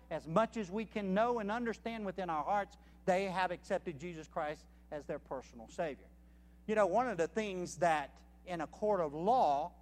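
A man with a high voice preaches to a congregation, pressing each point with emphasis and numbering his arguments. His words ring out with a long reverb through a church hall. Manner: emphatic, counts points off one by one. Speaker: missionary preacher. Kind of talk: sermon.

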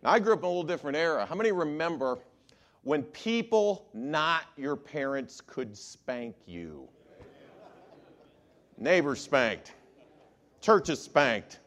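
In an unhurried, slightly high voice, a man gives a sermon as an attorney would argue a case. His manner is animated, and he repeatedly asks the crowd "how many believe" questions to gauge them by show of hands.

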